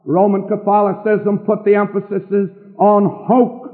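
An older man preaching a sermon from a church pulpit with earnest, emphatic pauses. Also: high voice, monotone. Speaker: pastor. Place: church sanctuary. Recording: distant hall on a tinny lo-fi recording.

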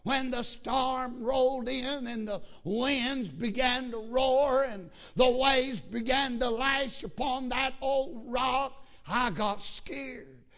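A preacher voicing a frightened little grandson who speaks slowly and earnestly in a sermon story. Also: male voice, extremely high pitch, fairly bright tone, exaggerated voice. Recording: lo-fi sermon recording.

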